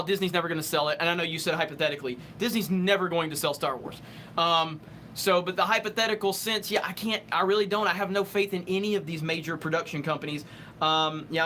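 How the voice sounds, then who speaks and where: High, bright-voiced ranting male streamer. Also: slight background noise. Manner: heated, ranting, profane; stumbling restarts when thinking. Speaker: live stream host. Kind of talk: casual live stream chat reading super chats.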